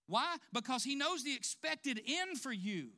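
A man's voice: extremely high pitch, sing-song, measured pace, pushed and bright. A man preaching a sermon to his congregation, asking them questions and laughing now and then between points. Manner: preaching directly to the congregation, rising emphasis, asks questions. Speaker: pastor.

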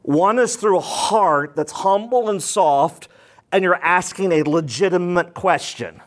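A man's voice: high-pitched, unhurried. A man pastor preaching a sermon, acting out prayers with dramatic rises and drops in his voice.

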